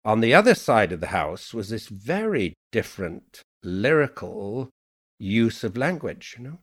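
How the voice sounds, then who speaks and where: A poet from Yorkshire in a reflective podcast conversation, speaking with a mixed Yorkshire, Irish and Americanized accent and musing unhurriedly, full of "you know"s. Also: male voice, lowish voice, very animated, measured pace. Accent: mixed Yorkshire, Irish and Americanized English. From Yorkshire, England. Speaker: poet guest.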